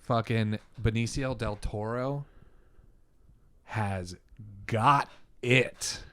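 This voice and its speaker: A man's voice: lowish voice, very slow, fairly bright tone, clean tone, no room sound. A man co-hosting a casual podcast, chatting animatedly about a movie, swearing freely and retelling jokes in little voices. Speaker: podcast co-host. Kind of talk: casual chat.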